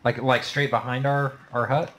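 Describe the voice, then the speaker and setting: A man's voice: mid-range voice, flat delivery, moderate pace, a bit bright. A man chatting casually while playing a co-op game, laid-back but given to sudden swearing outbursts. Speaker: gamer. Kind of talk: casual co-op gameplay chat.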